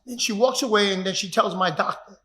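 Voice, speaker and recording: A martial arts instructor telling his own story in an emphatic, repetitive way that builds to shouts. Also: high-pitched, brisk. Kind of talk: personal storytelling. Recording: echoey room.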